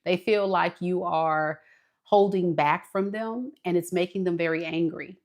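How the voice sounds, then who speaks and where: A woman with a slightly low voice talks through a tarot reading in a loose, chatty way. She speaks straight to the viewer and slips into dramatic asides as she acts out the other person's thoughts. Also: fairly even intonation, a little slow, darkish tone. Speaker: tarot reader. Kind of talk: casual tarot reading monologue.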